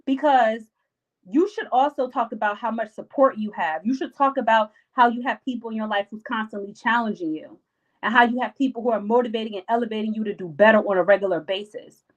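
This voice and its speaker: A woman's voice: fairly high pitch, brisk, muffled recording. A young adult woman hosting a live stream, giving casual life advice in an emphatic, slangy, repetitive way and acting out her friends' lines.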